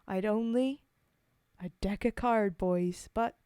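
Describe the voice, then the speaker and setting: A woman's voice: medium pitch, little pitch movement, unhurried, dark tone, clean tone, no room sound, clean studio sound, natural voice. A woman reading a poem aloud as a boastful male gambler soldier, in a put-on accent and a theatrical recital manner. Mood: dramatic. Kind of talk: dramatic poetry reading.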